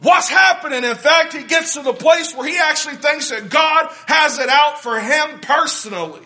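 A male pastor preaching a sermon, building to shouted emphasis on key words. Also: very high-pitched, moderate pace.

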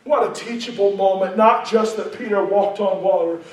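A man preaching a sermon, speaking emphatically and building to loud, passionate peaks. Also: high voice, moderate pace. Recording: very echoey room, voice far from the mic.

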